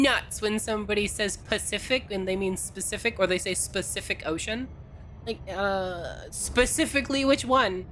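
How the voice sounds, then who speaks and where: A woman's voice: medium pitch, fairly bright tone, slight background noise. A woman from California streaming a game, chatting casually and teasing her chat in a playful way.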